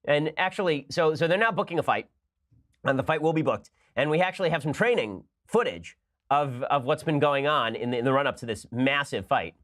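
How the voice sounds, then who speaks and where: A man hosting a political commentary show, talking fast and sarcastically and breaking into laughs. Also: a little high, expressive, fairly bright tone. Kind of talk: casual comic commentary.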